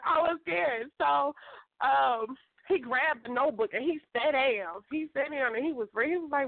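Animated woman on a tinny phone line. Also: high-pitched, moderate pace, no echo. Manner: animated, laughing, acts out quoted voices. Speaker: guest author. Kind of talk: casual storytelling.

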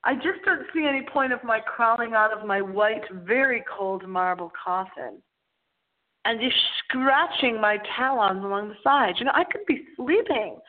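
A woman hosts a late-night radio show in a theatrical, giggly, storytelling way. Her pitch swoops up and down as she talks. The sound is thin and tinny, as over a phone line.

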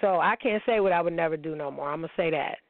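A woman's voice: sits low, fast, dry recording. A middle-aged woman hosting a radio talk show, speaking in a blunt, profane, confrontational monologue. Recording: dry, narrow phone-like sound.

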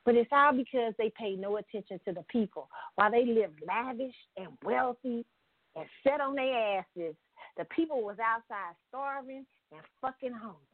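A woman's voice: a little high, moderate pace, no room sound. A woman ranting bluntly in a heated, profane vlog, swearing freely and laughing between points. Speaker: vlogger. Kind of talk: profane political rant. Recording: tinny phone-like sound.

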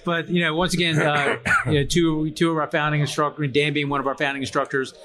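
A man hosts a loose panel chat at a trade conference, teasing his co-hosts and wandering through his sentences with fillers. His voice is bright and sits a touch high. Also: little pitch movement, fast. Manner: joking, rambling with fillers and restarts. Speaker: host, fire service instructor. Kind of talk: casual panel chat on a livestream.

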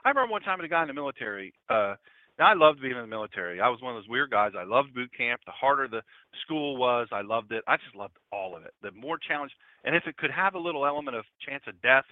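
Middle-aged male preacher, lively storyteller, thin lo-fi dry recording. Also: mid-range voice, fast talker, no echo. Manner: storytelling, acts out quotes. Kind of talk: conversational sermon. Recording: tinny phone-like dry sound.

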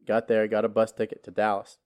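A man's voice: fairly low pitch, completely flat delivery, a little fast, darkish tone, smooth. A middle-aged man, a podcast host telling a long personal story in a casual, rambling way, full of filler words and restarts. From Texas.

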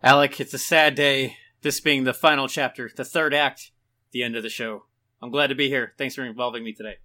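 Bright man bantering mock-solemnly on a podcast. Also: medium pitch, fairly even intonation, fairly quick. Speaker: podcast guest. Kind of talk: casual comedic podcast banter.

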